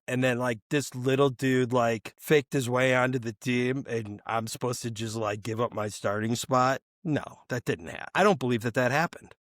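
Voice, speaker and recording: A man's voice: medium pitch, fairly even intonation, normal speed, few pauses, no echo, clean studio sound. A young adult man co-hosting a sports podcast, telling loose, rambling stories full of fillers and casual swearing. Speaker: podcast co-host. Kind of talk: casual chat.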